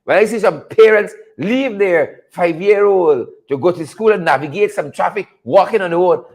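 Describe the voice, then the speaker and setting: A man's voice: sits high, normal speed, hardly any pauses, a little mellow. A Guyanese man hosting a commentary show, preaching and exclaiming with heavy repetition for emphasis. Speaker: show host. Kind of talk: impassioned commentary.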